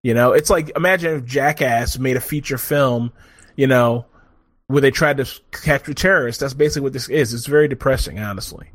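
A man's voice: medium pitch, fairly quick, no room sound. A man casually griping about a bad comedy film, rambling and swearing, acting out scenes in quoted voices. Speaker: movie reviewer. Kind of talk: casual profane chat.

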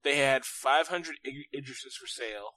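A man co-hosting a podcast, telling stories in an animated way and laughing often. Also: medium pitch, normal speed, no room sound, low-quality recording. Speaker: podcast co-host. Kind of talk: casual podcast chat.

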